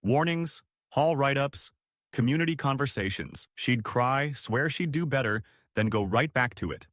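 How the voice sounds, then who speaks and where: A man narrating scripted stories with a lively, dramatic delivery. His pitch swings widely, rising and falling through each sentence. The recording is close and dry, with no room sound around him. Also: normal speed, no echo.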